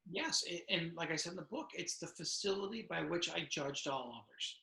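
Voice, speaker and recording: A middle-aged man, an author and retired correctional officer, answers interview questions conversationally over a video call from a room at home. His raspy, bright, fairly high voice is expressive and moves at a moderate pace as he tells stories, acts out dialogue, and restarts often, all with echoey call audio.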